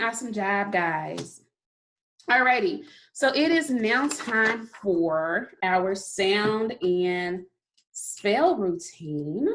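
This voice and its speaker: A woman's voice: mid-range voice, fairly bright tone. A woman teaching a recorded phonics lesson to kindergarteners, sounding out letters and praising often. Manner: slow, encouraging, sounds out letters.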